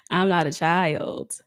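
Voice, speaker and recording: Emotional woman chatting to viewers. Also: lowish voice. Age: adult with a child. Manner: emotional, heartfelt, reads viewer comments aloud. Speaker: tarot reader livestream host. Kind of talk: casual livestream chat reading comments.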